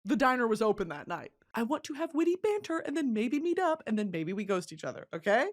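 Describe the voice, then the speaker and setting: A woman's voice: a little high, sing-song, quick pace. A young woman hosting a podcast, telling comic stories with lots of swearing and laughter, and mimicking other people's voices. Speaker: podcast host. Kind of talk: comedic storytelling.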